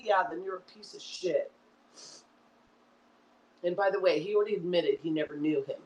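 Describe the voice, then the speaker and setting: A woman's voice: medium pitch, reverberant, recorded from a distance, low-quality recording. A woman in her fifties hosting a livestream, ranting angrily and repeating herself, swearing often. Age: 50s. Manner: angry, repetitive, swearing. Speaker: online show host. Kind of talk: emotional livestream rant.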